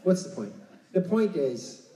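A man's voice: on the high side, very animated, unhurried, dark tone, distant mic. Chatty Irish preacher man. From Ireland. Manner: chatty, keeps asking "right?". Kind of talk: casual conversational sermon. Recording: roomy, from off mic.

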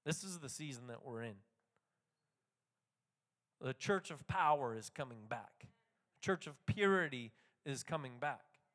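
During his sermon, this preacher moves between soft scripture reading and excited, booming declarations, explaining the text in everyday terms. He speaks at a medium pitch with a measured pace and long pauses.

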